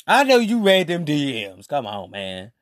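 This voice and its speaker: Animated man rambling on a podcast. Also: fairly high pitch, measured pace, no room sound, studio quality. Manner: rambling and slangy, storytelling to listeners. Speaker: podcast host. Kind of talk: casual podcast monologue.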